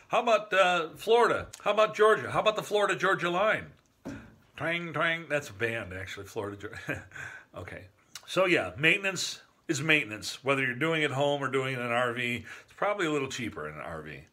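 A man's voice: fairly high pitch, pushed and bright, husky. Joking sixty-year-old man rambling to camera. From northern Michigan, USA. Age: 60s. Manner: joking, rambling, chuckles at his own jokes. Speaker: vlogger. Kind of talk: casual monologue to camera.

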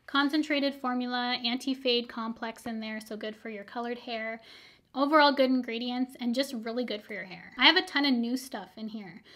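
A woman beauty vlogger reviewing used-up products in a chatty, upbeat way, her voice a little hoarse from filming all day. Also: on the high side, moderate pace, a bit bright. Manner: chatty, upbeat, rambling asides. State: slightly hoarse, losing her voice.

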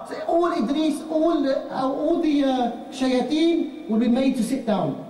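A man's voice: very high voice, a little slow, hardly any pauses, darkish tone. A male preacher giving an emphatic lecture, asking rhetorical questions and often calling out to the brothers. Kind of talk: lecture on religion. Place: lecture hall. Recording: echoey hall, distant mic.

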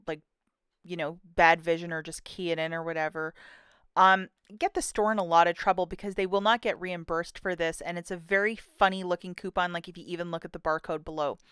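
A woman's voice: on the low side, sharp tone, clean tone, no echo. Couponing vlogger, woman, casual storytime, full of fillers, dry close sound. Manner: chatty, many fillers, acts out her own thoughts.

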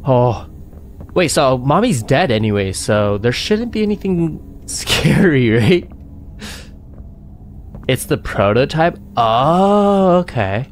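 A man giving live gameplay commentary as a streamer, excitable and panicky, laughing often. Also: medium pitch, slow pace, slight background noise. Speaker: game streamer.

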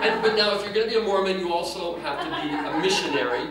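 A man performing a stand-up comedy set in a prim, self-mocking deadpan style, heard from a distance in an echoey room with audience laughter behind him. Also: high voice, slow, long pauses. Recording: echoey room recorded from afar with audience noise.

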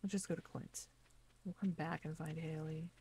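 Playing a farming game with music in the background, a woman streamer chats to herself and narrates each step as casual commentary. Her voice is low-pitched and warm, with a steady tone and moderate pace, over slight background noise.

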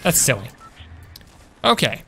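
A man's voice: a little slow, bright, forceful tone, soft background music. A young man casually commentating his game for a live stream at home, chatty, calling his viewers "boys" and answering chat. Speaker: gaming streamer. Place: home room.

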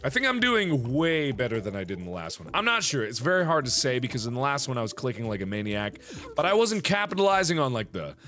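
A young man giving loud, exclamatory gaming commentary, swearing and mocking himself. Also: medium pitch, very animated, fast, faint music behind. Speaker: gaming video host.

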